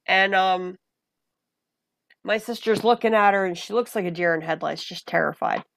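A woman guest in a casual conversation, telling personal stories in an animated way and acting out the voices of the people in them. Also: medium pitch, moderate pace, creaky. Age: adult mother of a young child. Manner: animated, acts out voices in her anecdotes. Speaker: podcast guest.

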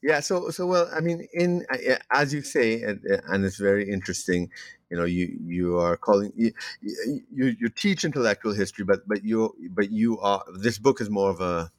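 A man interviewing an author, asking halting questions full of fillers and restarts. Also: fairly low pitch, dry recording, clean studio sound. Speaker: podcast interviewer.

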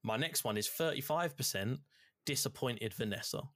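A man in casual chat, recounting a video game's choices with lots of swearing and animated storytelling. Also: mid-range voice, normal speed, dry recording, clean studio sound. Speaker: podcast co-host.

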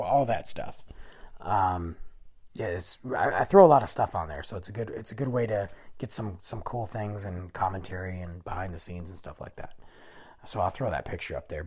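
Animated man in his forties telling a story. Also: lowish voice. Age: 40s. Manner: animated, acts out every voice. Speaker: podcast host. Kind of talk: personal storytelling.

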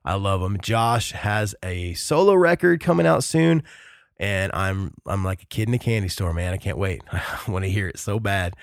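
A man's voice: deep voice, animated, moderate pace, vocal fry, no room sound, clean studio sound. A man hosting a podcast in casual chat, enthusiastic and rambling, with many fillers and restarts. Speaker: podcast host.

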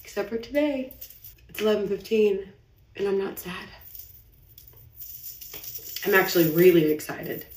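A woman's voice: mid-range voice, animated, measured pace, pauses often, darkish tone, a little hiss or hum. A young woman talking on a late-night live video, rambling and confessional and holding back tears, saying she feels anxious. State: anxious, heart racing. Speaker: business owner livestreaming. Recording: roomy echo, somewhat far from the mic.

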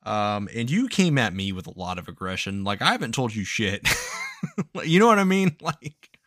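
A man recapping a story on a casual podcast, swearing freely and laughing between lines. His voice sits low but has a bright, forceful edge. The sound is close and dry. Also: normal speed, no room sound. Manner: profane, laughing, animated retelling with quoted voices. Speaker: podcast host recapping a game.

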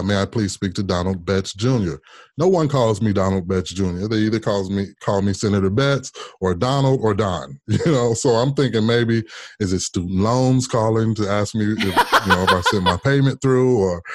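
A man from Kansas with a low voice tells a long personal story as an interview guest. He is animated and often repeats a word before he finds the rest of the sentence. The recording is dry and close. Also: no room sound. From Kansas, United States. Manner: animated, repeats words while telling a story. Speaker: interview guest, state senator.

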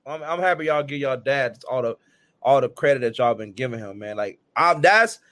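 A man's voice: medium pitch, lively intonation, normal speed, fairly bright tone, no echo. A man hosting a casual interview, talking in an earnest, slangy, praising way. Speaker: podcast host.

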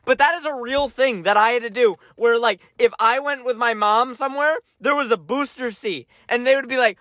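Man, high bright voice, dry close sound, casual podcast storytelling, animated. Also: brisk, few pauses, no echo. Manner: animated storyteller, jumps to high voices quoting his mother, laughs often. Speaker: podcast co-host.

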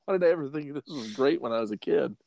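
A man's voice: a little high, animated, fast, vocal fry, a little mellow. A man co-hosting a casual podcast chat, rambling with many "you know"s. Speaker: podcast co-host.

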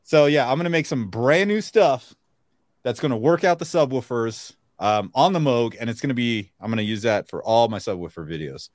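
A man's voice: mid-range voice, expressive, normal speed, dry recording. Blunt, laughing podcast man, dry sound. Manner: blunt, swears freely, laughs often. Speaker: podcast co-host. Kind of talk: casual chat.

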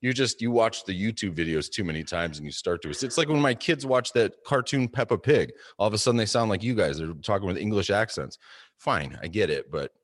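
A man's voice: on the low side, fairly quick, dry recording, studio quality. A man co-hosting a casual martial arts discussion show, thinking aloud with rambling asides.

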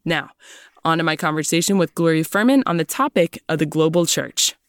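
A woman's voice: deep voice, expressive, a little fast, no echo. A woman hosting a podcast interview in a friendly, giggly way, recording from a closet at home. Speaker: podcast host. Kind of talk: casual interview. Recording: dry closet sound.

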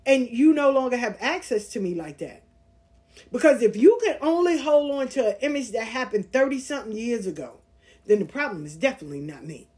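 A woman's voice: a little high, brisk. A woman in her forties hosting a casual monologue, speaking bluntly and candidly as she tells personal stories. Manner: candid, blunt, animated storytelling with profanity. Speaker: podcast host.

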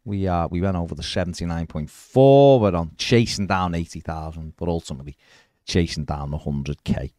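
A man with a very low, deep voice talks football in a loose, chatty way and reads out viewer messages as a podcast co-host. His voice sits on a dry, close mic with no room sound. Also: moderate pace, few pauses, warm tone, no echo. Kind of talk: casual football chat.

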